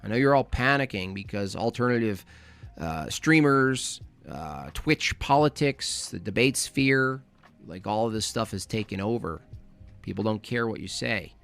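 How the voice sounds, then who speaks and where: A man's voice: lowish voice, expressive, a little slow, vocal fry, fairly bright tone, clean tone, soft background music. A man hosting a comedic livestream, ranting bluntly and repeating his points for emphasis. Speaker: comedic streamer host. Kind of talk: casual comedic livestream rant.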